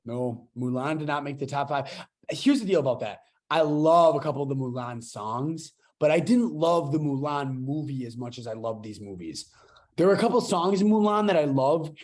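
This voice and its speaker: A man's voice: a little high, expressive, moderate pace, a little mellow. A young man in his twenties hosting a casual podcast, talking enthusiastically and restarting his sentences as he rambles. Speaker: podcast host.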